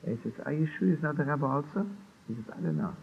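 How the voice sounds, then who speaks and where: A man's voice: on the high side, big pitch swings, quick pace, gravelly, breathy edge. A man telling a Hasidic story, acting out the dialogue and laughing often. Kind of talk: storytelling talk. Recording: tinny lo-fi archive recording with faint hiss.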